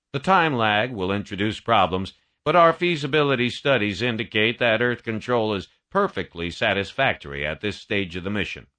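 A man voicing a formal male mission control officer reading out an official transmission in a measured way. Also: fairly low pitch, pushed and bright, pitched above the performer's own voice.

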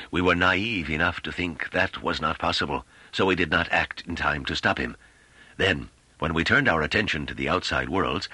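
A man voicing a calm, wise older man who speaks in a slow, measured, almost hypnotic way. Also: very deep voice, slightly rough, no echo, full character voice. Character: calm, wise elderly man, patient teacher.

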